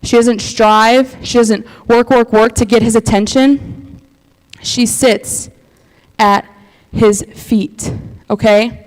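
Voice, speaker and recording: A young woman giving a youth sermon, animated, acting out prayers and checking in with "okay?". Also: fairly high pitch, slow pace. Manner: animated, acts out quoted prayers, frequent "okay?". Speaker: youth speaker. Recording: long hall reverb.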